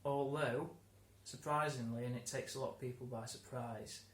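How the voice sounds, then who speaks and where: A man's voice: medium pitch, fairly even intonation, moderate pace. A man explaining words in a conversational lesson, laughing and restarting often. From England. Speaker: English teacher. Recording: roomy room, faint ambience.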